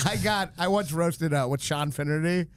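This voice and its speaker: A man's voice: a little high, moderate pace, shouting, very noisy. A man with a slight lisp chatting casually as a podcast co-host, rambling and self-deprecating. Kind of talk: casual chat.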